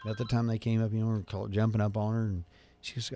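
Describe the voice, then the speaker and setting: A man's voice: lowish voice, flat delivery, fast talker, dark tone. A man hosting a casual call-in radio show, rambling through jokes and stories. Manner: rambling storyteller, joking. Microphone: studio microphone.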